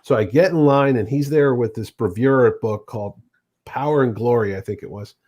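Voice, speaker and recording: A man's voice: mid-range voice, brisk. A man casually telling convention stories on a podcast, acting out the voices of the people in them. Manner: animated, acts out quoted voices.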